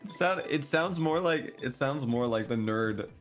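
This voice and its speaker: A man guesting on a gaming stream, chatting casually with animated, giggly reactions. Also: medium pitch, a little slow, soft background music. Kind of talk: casual chat while gaming.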